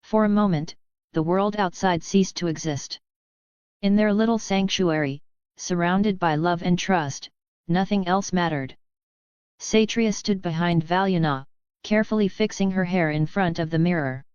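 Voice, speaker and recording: A woman reading a web novel aloud as a narrator, in an even, gentle storytelling manner. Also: lowish voice, measured pace, clear, resonant tone, no room sound, highs cut off. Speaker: audiobook narrator. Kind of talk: scripted narration.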